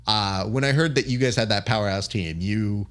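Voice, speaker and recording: A man hosting a podcast, telling a story in a relaxed chat and acting out the back-and-forth he describes. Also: lowish voice, moderate pace. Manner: animated storyteller who acts out quoted exchanges. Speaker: podcast host.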